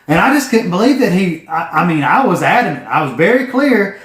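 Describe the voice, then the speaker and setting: A man's voice: high voice, lively intonation, normal speed, a bit bright. A man, telling a folksy, profane story to camera. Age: 40s. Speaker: vlogger telling his business story. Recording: echoey room.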